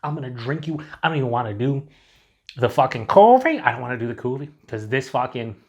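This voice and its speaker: A man's voice: mid-range voice, expressive, fast talker. A man casually reviewing beer for his channel, chatty and rambling, with frequent swearing and filler words. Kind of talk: casual tasting review to camera.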